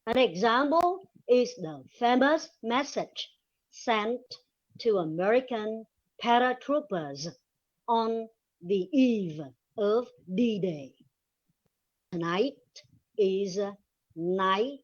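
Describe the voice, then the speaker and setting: A woman whose first language is Vietnamese, presenting a linguistics webinar in slow, deliberate reading with pauses. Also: a little high, lively intonation. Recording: dull lo-fi recording.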